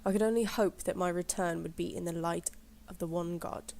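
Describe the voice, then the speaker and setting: A woman reading aloud as a grim young male lord, slow and solemn, in a put-on accent. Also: fairly low pitch, steady tone, vocal fry, darkish tone.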